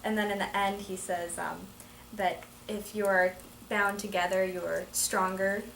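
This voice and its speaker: A woman's voice: medium pitch, little pitch movement, measured pace, creaky, fairly bright tone. A teenage girl student who explains a passage and reads aloud, hesitant with many ums. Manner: hesitant, full of ums and likes. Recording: echoey room with faint noise.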